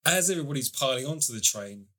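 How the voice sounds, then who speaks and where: Chatty bright-voiced man reviewing TV. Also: medium pitch, expressive, quick pace. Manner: chatty, swears casually, long plot summaries. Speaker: podcast co-host reviewing TV. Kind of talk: casual review chat.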